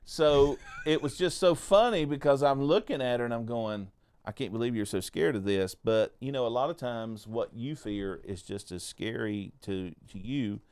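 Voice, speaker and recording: A man's voice: medium pitch, moderate pace, darkish tone, smooth. A man hosting a faith podcast, chatting casually and telling jokey, folksy stories with frequent restarts. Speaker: podcast host.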